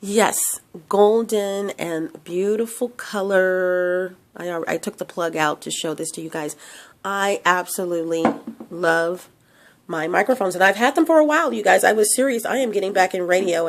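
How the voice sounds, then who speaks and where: A woman's voice: on the low side, normal speed. A woman host speaks through a stuffy, sniffly nose. She rambles in a loose vlog chat, restarting sentences and filling gaps with fillers, close to a handheld microphone. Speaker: channel host selling a hair product. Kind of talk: casual product vlog.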